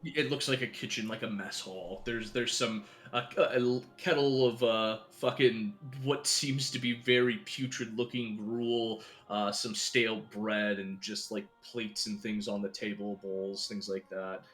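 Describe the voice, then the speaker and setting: A man narrating a tabletop game as dungeon master, speaking haltingly with many restarts. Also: lowish voice, steady tone, fairly bright tone, faint music behind. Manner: halting, full of fillers and restarts.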